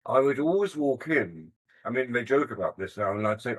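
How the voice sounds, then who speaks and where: A man's voice: mid-range voice, lively intonation, brisk, low-quality recording. An older man, a musician being interviewed, telling stories in a thoughtful, hesitant, self-deprecating way. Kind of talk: casual interview storytelling.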